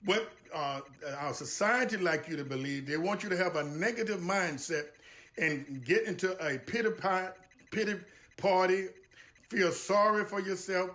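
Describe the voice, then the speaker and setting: A man delivers a motivational talk. He speaks in a preacherly, emphatic way, circling back to key phrases and slowing down to stress them. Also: high voice, a bit bright. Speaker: guest speaker.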